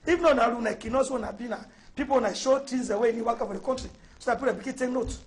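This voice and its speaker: A man speaking Cameroonian Pidgin English as a debate panelist, indignant and halting in a heated studio debate. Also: extremely high pitch.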